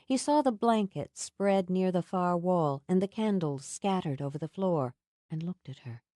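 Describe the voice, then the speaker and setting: Romance audiobook narrator: a woman, soft and intimate, warm lower voice, dry studio. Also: moderate pace, no room sound. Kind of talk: scripted narration.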